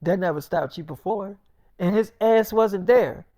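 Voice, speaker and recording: A man's voice: high-pitched, a little slow, dark tone, no echo. A man voicing an angry young woman who accuses him, in a freestyle story. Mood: angry scolding. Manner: scolding, accusing.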